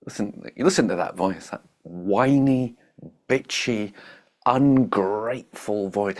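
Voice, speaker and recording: Casting: man, very low voice, meditation teacher giving a loose, blunt, joking dharma talk. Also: slow pace, darkish tone. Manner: blunt, joking, laughs at his own points. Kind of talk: informal spiritual talk.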